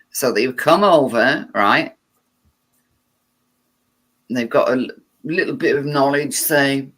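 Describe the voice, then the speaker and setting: A woman's voice: a bass voice, fairly bright tone. A woman vlogger reading text aloud and breaking off for sarcastic, irritated remarks.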